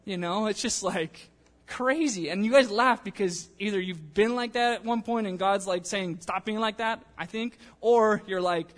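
A young man preaching a sermon in a church in a casual, animated way, acting out the people he quotes. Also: sits high, normal speed. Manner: animated, conversational, acts out quotes. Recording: long church-hall reverb.

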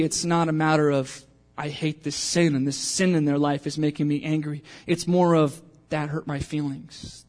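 A young adult man preaching a conversational sermon, joking with the congregation and poking fun at himself. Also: sits high. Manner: conversational and self-deprecating, jokes with the congregation. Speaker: pastor.

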